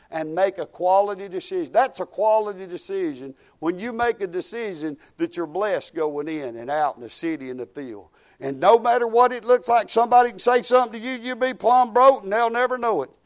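High-voiced older preacher, emphatic. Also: male voice. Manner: emphatic, repetitive, folksy storytelling with quoted dialogue. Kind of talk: sermon.

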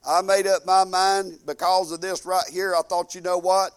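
High-voiced man preaching fervently. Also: flat delivery, normal speed, clear, resonant tone. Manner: fervent, folksy preaching that drops from loud proclaiming to quiet musing. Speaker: pastor. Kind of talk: sermon.

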